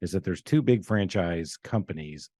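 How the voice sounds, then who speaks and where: Low-voiced joking middle-aged podcast host. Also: male voice, animated, moderate pace, dark tone, no echo. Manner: joking, laughing, loose banter. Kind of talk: casual studio podcast chat. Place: studio.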